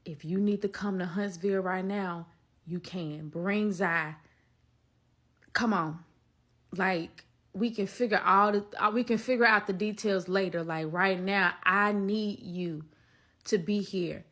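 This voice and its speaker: A woman voicing her best friend, who speaks in a low, quiet, firm way. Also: steady tone, a little slow. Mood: urgent calm.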